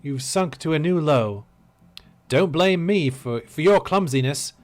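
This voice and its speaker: A man's voice: a little high, lively intonation, measured pace. A man doing a stern, scolding woman guard. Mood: indignant.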